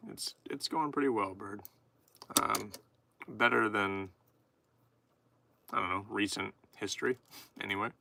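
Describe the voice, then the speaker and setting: A man's voice: lowish voice, creaky, bright, forceful tone. A man live-streaming, chatting casually and goofily with viewers while he writes poetry. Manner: goofy, rambling, chatting to viewers. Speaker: streamer writing poetry with chat.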